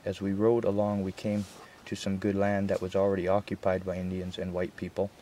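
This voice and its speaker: Deep, flat-voiced male reader. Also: brisk, a little hiss or hum. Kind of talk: reading a historical first-person account aloud.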